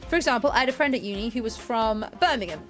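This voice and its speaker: A woman's voice: on the high side, expressive, fairly bright tone, faint music behind. A young woman, chatting casually and rambling a little as a streamer and game master. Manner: chatty, rambling, quick laughs. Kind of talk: casual chat to a live chat.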